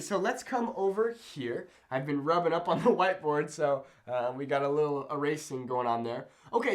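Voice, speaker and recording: An upbeat young man teaching at a whiteboard, his pitch bouncing up and down as he explains. He talks in a friendly, chatty way and keeps checking in with the listener. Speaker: Spanish teacher. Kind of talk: whiteboard language lesson. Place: room with a whiteboard.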